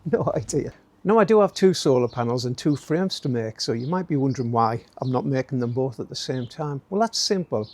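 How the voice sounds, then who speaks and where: A middle-aged man, talking casually through a DIY build outdoors and tossing in jokey asides and tag questions like "eh?". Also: mid-range voice. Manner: chatty, jokey, fond of tag questions like "eh?" and "don't you?". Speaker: DIY channel host. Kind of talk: casual DIY how-to narration. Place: outdoor garden workspace, light rain.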